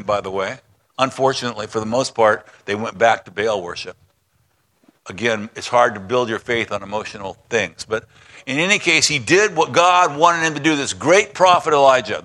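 A man preaching a sermon, retelling scripture with voiced parts, dropping to a hush for God and rising high for Elijah. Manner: drops to a hushed voice for God's lines, climbs high for Elijah's complaints. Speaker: pastor.

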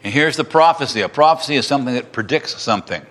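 A man's voice: mid-range voice, animated, fast talker, a bit bright. A man preaching a sermon, reading scripture aloud and retelling it in casual everyday words.

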